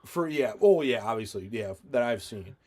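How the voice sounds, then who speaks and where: A man co-hosting a podcast, telling stories in a casual, animated way, often laughing and swearing. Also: mid-range voice, moderate pace. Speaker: podcast co-host. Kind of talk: casual chat.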